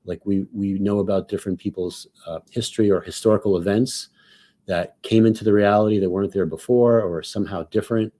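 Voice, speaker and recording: A man's voice: lowish voice, fairly even intonation, a little fast, warm tone. A man on a panel discussion call, talking casually and thinking aloud with many "like"s and "so"s. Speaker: panel regular.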